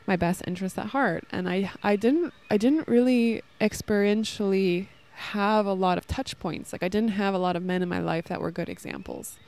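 Speaking at a moderate pace with few pauses, a woman with a medium-pitched, darkish voice talks about love and self-worth. She's a podcast host in her thirties giving a casual, earnest spiritual talk that rambles with many fillers, recorded outdoors in a park with children playing nearby.

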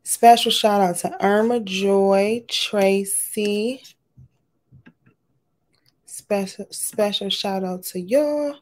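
A woman chats casually on a late-night craft livestream. She talks in a loose, animated way, greeting viewers one by one. She speaks into a webcam at home. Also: medium pitch, extremely slow, pauses often. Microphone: webcam or laptop camera.

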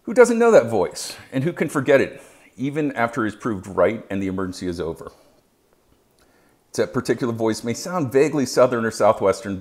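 A man giving scripted narration as an EMS educator, with a measured, even delivery. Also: on the low side.

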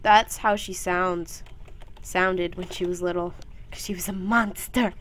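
A woman's voice: steady tone, unhurried. Giggly rambling teen girl gamer. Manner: jumps into silly high voices. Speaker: gameplay commentator. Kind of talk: casual gameplay commentary.

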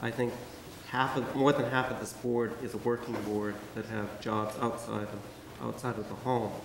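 Gravelly man in an echoey room. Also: mid-range voice, little pitch movement, background noise. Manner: firm, measured objection. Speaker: school board member. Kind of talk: public meeting discussion.

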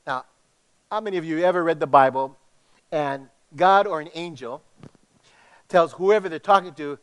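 A middle-aged male pastor from Hawaii with a slight tinge, preaching in an animated, conversational way with many restarts. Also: a little high, normal speed, pauses often, clean tone. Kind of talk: sermon.

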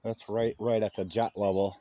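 A man narrating his workshop project in a relaxed, chatty way, talking while he works outdoors. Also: on the low side, normal speed, dry recording. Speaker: DIY off-grid vlogger.

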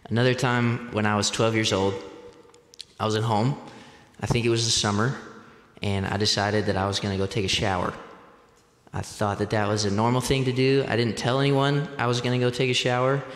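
A young man preaching a sermon as pastor, deliberate and measured, picking up speed when telling personal stories. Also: fairly low pitch. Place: church sanctuary. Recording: echoey church hall.

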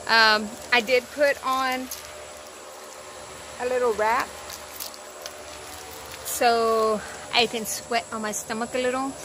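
A woman's voice: on the high side, fairly even intonation, takes it slowly, pauses often, background noise. A young woman, rambling through a casual vlog from her car with lots of fillers. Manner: rambling storytelling with many fillers. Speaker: vlogger. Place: in her car before work.

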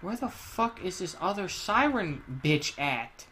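A man's voice: high voice, big pitch swings, measured pace, sharp tone, a little hiss or hum. Profane ranting man playing a game. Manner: profane, ranting and crude joking. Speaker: gamer. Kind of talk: let's play commentary.

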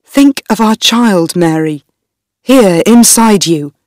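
A woman's voice: medium pitch, expressive, slow pace, a little mellow, no room sound. A woman voicing a frightened young man who pleads and stammers in fear. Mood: fearful pleading. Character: frightened weak young man, a queen's husband.

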